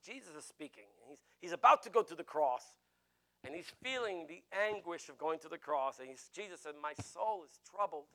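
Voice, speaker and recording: Male preacher, high, bright and forceful; emphatic and repetitive delivery. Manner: emphatic, repeats phrases, chuckles often. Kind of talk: sermon.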